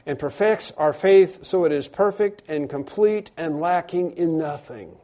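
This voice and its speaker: Guy preaching a sermon, slightly high voice, goes quiet then loud, really stretches the big words. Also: unhurried. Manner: emphatic, swings from hushed to loud. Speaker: pastor.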